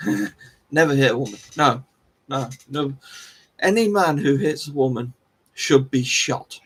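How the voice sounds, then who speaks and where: A man hosting a live stream, chatting casually with viewers in a rambling, self-deprecating way. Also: medium pitch. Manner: rambling, self-deprecating, restarts and laughs often. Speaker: livestream host.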